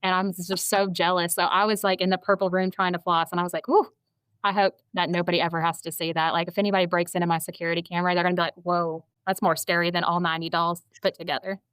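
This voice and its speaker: A woman's voice: lowish voice, flat delivery, quick pace, fairly bright tone, clear, resonant tone, no room sound. A woman guest, a doll collector, chatting casually, gushing and earnest as she talks. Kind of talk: casual chat.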